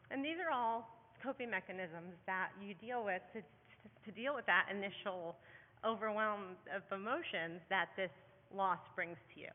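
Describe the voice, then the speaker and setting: A woman, herself a parent, giving an earnest conference talk to other parents, with frequent ums and restarts. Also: medium pitch. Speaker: parent speaker at a heart-condition symposium. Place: conference hall. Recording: echoey hall over a thin phone-like line.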